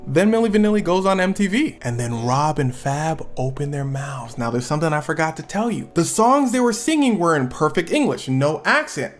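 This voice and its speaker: Man from the US for a comedic story recap channel, lively and slangy, hops into voices for the people he quotes, faint backing music. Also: fairly high pitch, brisk, few pauses. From United States. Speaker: YouTube storyteller and reviewer.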